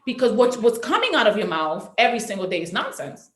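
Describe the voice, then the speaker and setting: Preachy woman hammering a motivational pitch, lots of room echo. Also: very animated, fast. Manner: preachy, emphatic, repetitive. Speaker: network marketing leader. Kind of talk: motivational training talk.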